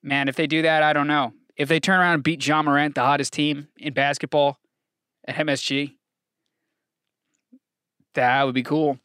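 Excitable, profane male sports podcaster. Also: moderate pace, long pauses, smooth, no room sound, clean studio sound. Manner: excitable and profane, swinging from shouting hype to low mutters. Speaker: podcast host. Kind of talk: casual solo sports podcast rant.

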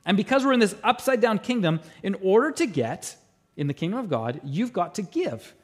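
A middle-aged man preaching a sermon as pastor, telling stories with animated delivery and acting out voices. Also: high voice, fairly quick. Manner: animated storytelling, mimics voices in anecdotes. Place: church auditorium.

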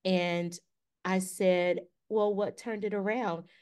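A woman co-hosting a podcast, telling a story in a casual, animated way and acting out the dialogue. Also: mid-range voice, slow pace, smooth. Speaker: podcast co-host.

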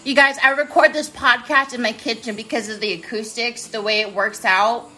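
A woman's voice: on the high side, steady tone, normal speed, bright, forceful tone, faint music behind. Profane woman telling stories at home. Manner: blunt, profane, self-mocking. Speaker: podcast host. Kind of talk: casual storytelling monologue. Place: home kitchen.

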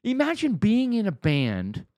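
A man's voice: high voice, wildly swooping pitch, measured pace, warm tone, no room sound, studio quality. A man hosting a casual podcast chat, blunt and easily amazed, moving the talk along. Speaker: podcast host.

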